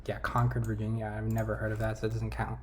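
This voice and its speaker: Vlogger, casual thinking-aloud chatter, mid pitch, light hiss underneath. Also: monotone, fast. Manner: thinking aloud, trailing off, self-correcting. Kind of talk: casual talk over a map quiz game.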